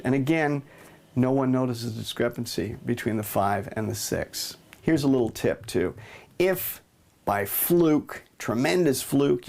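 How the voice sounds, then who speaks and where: A man teaching a money-change magic trick, explaining step by step in a relaxed way and punctuating moves with "boom.". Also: gravelly, a little hiss or hum. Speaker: magic instructor. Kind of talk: demonstrating and explaining a card trick.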